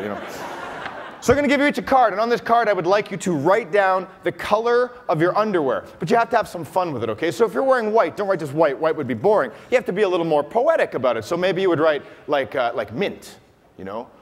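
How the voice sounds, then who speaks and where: Canadian guy doing comedy magic, lively bouncy voice, long echo of a big hotel hall. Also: sits high, fast talker. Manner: teasing, playful crowd work. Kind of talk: stage comedy magic act. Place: large hotel conference hall. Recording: live hall with long reverb, faint room noise.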